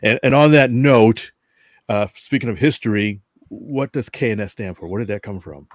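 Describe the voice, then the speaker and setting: A man hosting a hobby podcast in casual chat, playful and quick to laugh. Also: on the low side, no room sound, studio quality. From northern US. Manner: playful, animated, laughs easily. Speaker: podcast host.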